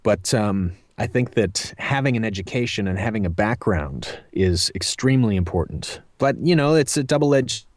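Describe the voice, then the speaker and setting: Man, 30s, lowish voice, dry close recording, rambling, self-deprecating. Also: animated, moderate pace, hardly any pauses, no room sound. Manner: rambling, self-deprecating, many fillers and restarts. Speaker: voice actor guest. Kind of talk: casual interview chat.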